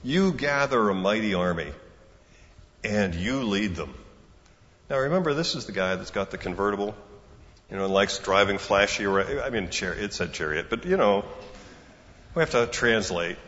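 A man's voice: lowish voice, animated, normal speed, long pauses, a bit bright. A man preaching a sermon in a conversational, storytelling way, acting out the dialogue of the story. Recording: muffled reverberant hall recording.

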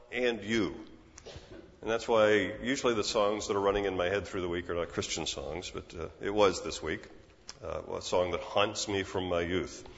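Older man preaching in a reverberant hall. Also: deep voice. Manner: earnest, conversational preaching with restarts. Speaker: pastor. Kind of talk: sermon. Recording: muffled sound with long reverb in a large hall.

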